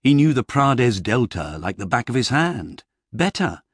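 A man narrating a comic fantasy novel in a wry, measured storytelling manner, recorded close on a studio mic. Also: mid-range voice, very animated, breathy edge, no echo. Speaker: audiobook narrator. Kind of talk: expressive novel reading.

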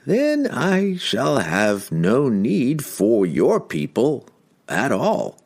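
A man voicing a scheming, pampered male wizard who speaks in a slow, calm, crooning way with an evil edge. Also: mid-range voice, pitched above the performer's own voice, full character voice. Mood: silky menace.

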